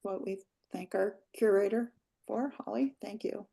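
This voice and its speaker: Creaky-voiced woman hosting a video call. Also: medium pitch, moderate pace, mellow. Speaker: event organizer. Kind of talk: casual wrap-up chat on a video call.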